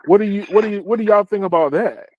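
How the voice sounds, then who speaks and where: A man's voice: sits high, fast, muffled recording. A man hosting a casual tech talk show, jokey and slangy, often repeating words as he gets going. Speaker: host.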